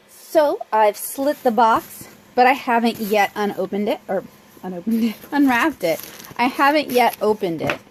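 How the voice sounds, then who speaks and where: Woman from southern Louisiana, chatty art vlogger, self-mocking, bit high voice, phone mic. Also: a bit bright, rough recording. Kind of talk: casual unboxing vlog. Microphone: cell phone held in hand.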